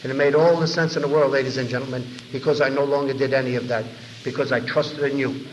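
A man giving his recovery story to a meeting audience, an animated storyteller who acts out the voices he quotes and speaks straight to the listeners. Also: medium pitch, fast, dull audio. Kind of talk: personal recovery testimony to an audience. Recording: echoey hall, faint background noise.

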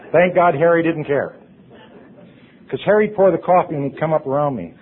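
A man telling his recovery story to a meeting, earnest, his voice dropping hushed at emotional points. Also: fairly high pitch, normal speed. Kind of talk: personal recovery talk. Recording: tinny phone-like recording.

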